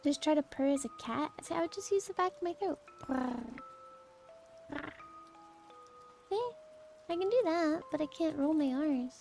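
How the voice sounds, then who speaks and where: A woman's voice: high-pitched, a little fast, vocal fry, warm tone, soft background music. A young woman streamer chatting casually and rambling, laughing often and answering chat.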